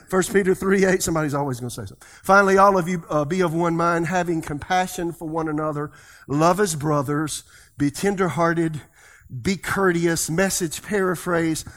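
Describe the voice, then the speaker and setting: A man with a fairly high voice preaches a sermon with lively swings between booming emphasis and near-quiet asides. He calls on the congregation to repeat words back to him as he goes. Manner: animated preaching with swings between loud and soft; leads the congregation in call-and-response. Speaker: pastor.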